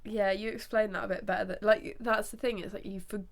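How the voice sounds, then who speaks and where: A woman in her late twenties chats on a podcast with a congested, stuffy voice. She rambles freely, leans on "like" and breaks into laughter often, at a middling pitch. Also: fairly even intonation, a little fast. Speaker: podcast co-host. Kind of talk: casual chat.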